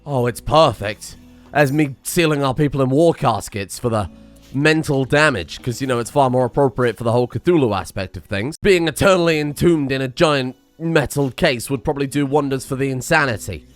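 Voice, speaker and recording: A man giving excitable, self-mocking commentary while playing a game, thinking aloud and swearing. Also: mid-range voice, moderate pace, no echo, soft background music. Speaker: gaming streamer. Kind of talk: casual gameplay commentary.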